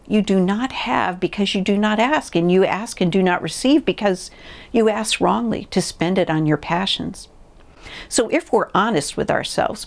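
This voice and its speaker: A woman preaching a sermon in an earnest, measured way, reading scripture and a story aloud. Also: fairly low pitch, vocal fry. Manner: earnest, measured teaching with pauses.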